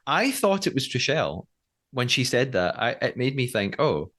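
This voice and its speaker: A man's voice: mid-range voice, big pitch swings, moderate pace, a bit bright. A man co-hosting a podcast, recapping a show in casual chat and laughing often. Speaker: podcast co-host.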